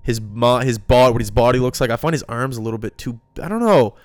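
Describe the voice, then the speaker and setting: A man's voice: medium pitch, fast, no room sound. A young man hosting a casual podcast chat, loose and slangy, on a dry close mic. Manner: laid-back, loose and slangy. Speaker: podcast host.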